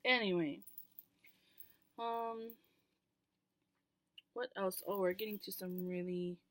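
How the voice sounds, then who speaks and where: A woman's voice: mid-range voice, steady tone, takes it slowly, a bit bright, no echo. A woman vlogger talking candidly to camera in a casual, rambling way, with many ums and casual swearing.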